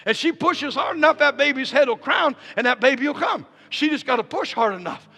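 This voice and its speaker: A woman's voice: sits high, expressive, a little fast, creaky, sharp tone, long reverb tail, pitched above the performer's own voice, full character voice. A man preaching, putting on the voice of a blunt, matter-of-fact elderly woman nurse in a story he tells.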